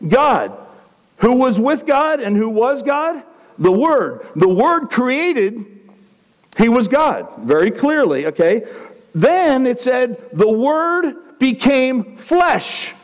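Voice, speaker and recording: A male preacher with a high, lively voice that swings widely in pitch. He talks to his congregation in a loose, conversational way, dropping in frequent asides to check they are following. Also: slow pace. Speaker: pastor. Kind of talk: sermon.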